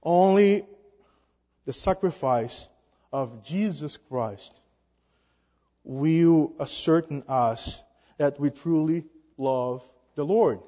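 Preaching a sermon, this man has a high, warm voice and an emphatic style marked by faltering fillers, rising in pitch whenever he poses a rhetorical question. The sound is dull, set in lengthy hall reverberation.

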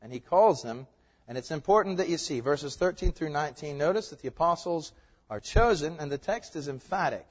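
A man's voice: on the high side, expressive, a little fast. A man preaching a sermon, emphatic and building to fervent peaks. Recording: muffled sound with long hall reverb.

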